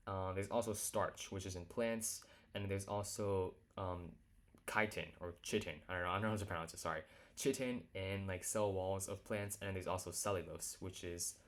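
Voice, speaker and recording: A man teaching a lesson in a casual, halting way, full of fillers and self-corrections. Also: low-pitched. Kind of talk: casual lecture.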